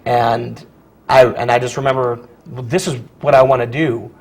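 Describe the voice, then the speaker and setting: A man who teaches high school drama, from Virginia, talking casually in an interview with lots of fillers and laughs. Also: steady tone, moderate pace, poor audio. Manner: chatty, laughs often, many fillers and restarts.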